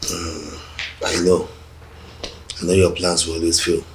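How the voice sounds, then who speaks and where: An actor with a Nigerian accent playing a ruthless, ambitious prince who schemes in a cold, deliberate way. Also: male voice, low voice, level tone, noisy background. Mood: bitter. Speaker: prince plotting for the crown. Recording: roomy echo with faint music.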